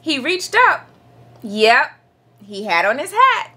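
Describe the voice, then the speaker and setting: A woman reading a picture book aloud for children as a storytime host, playful and animated, acting out sound-effect words. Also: high voice, slow pace, husky, faint music behind. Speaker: storytime reader.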